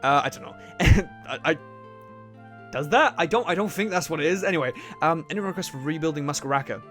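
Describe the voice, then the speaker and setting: A man's voice: on the high side, animated, brisk, fairly bright tone, faint music behind. A man giving casual, rambling commentary over a video game. He jokes, swears a lot and laughs often. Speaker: let's play host.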